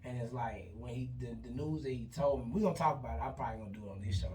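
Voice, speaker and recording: A man's voice: medium pitch, very fast, a little mellow, a little hiss or hum. Male podcast host, laid-back banter, echoey room, far from mic. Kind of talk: casual podcast chat. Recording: roomy distant mic, dull, music behind.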